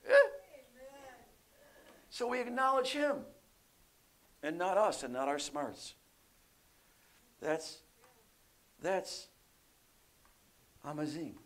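A man preaching a sermon, often asking his listeners questions and swinging between loud emphatic bursts and soft quiet lines. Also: fairly high pitch, drawn-out words, pauses often. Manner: animated, rising loud for emphasis then dropping soft; asks the congregation questions often.

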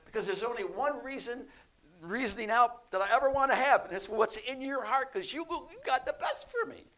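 A man preaching a sermon, often asking his listeners questions and swinging between loud emphatic bursts and soft quiet lines. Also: extremely high pitch, moderate pace. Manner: animated, rising loud for emphasis then dropping soft; asks the congregation questions often.

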